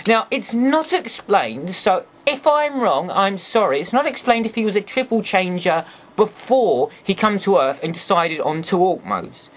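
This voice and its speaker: A man's voice: high-pitched, expressive, unhurried. A man reviewing a toy in a casual, rambling way, breaking off for joking, apologetic asides.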